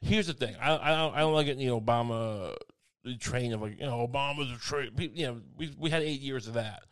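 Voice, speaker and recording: A man of middle pitch talking loosely in a comedic chat. He rambles, restarts his sentences and mocks his own bad analogies as he goes. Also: fairly quick. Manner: rambling, self-mocking, lots of restarts.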